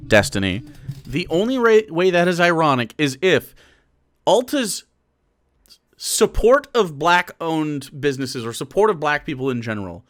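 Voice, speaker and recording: A man's voice: fairly high pitch, a bit bright, dry recording, clean studio sound. A male streamer giving heated, sarcastic reaction commentary, swearing and mocking others.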